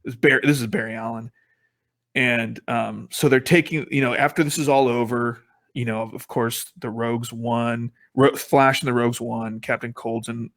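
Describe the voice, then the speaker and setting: A man co-hosting a relaxed talk show about comics. He rambles, stacking fillers and false starts as he works through his thoughts. His pitch sits in an ordinary middle range. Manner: rambling, many fillers and restarts. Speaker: podcast co-host. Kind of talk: casual comic review chat.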